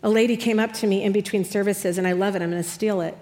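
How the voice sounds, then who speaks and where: A woman in her thirties preaching a sermon in an animated, conversational way with self-deprecating humor. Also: medium pitch, fast talker, roomy sound, long reverb tail.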